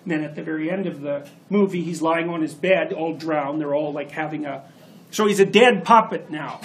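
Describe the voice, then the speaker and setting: A man giving a university lecture, retelling a story in an animated way with sudden emphatic bursts. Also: a little high, moderate pace. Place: lecture hall.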